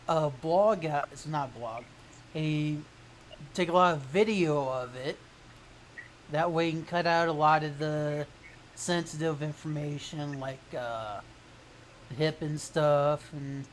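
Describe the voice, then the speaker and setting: A woman in casual conversation, talking haltingly and searching for her words. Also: low voice, a little hiss or hum. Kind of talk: casual chat.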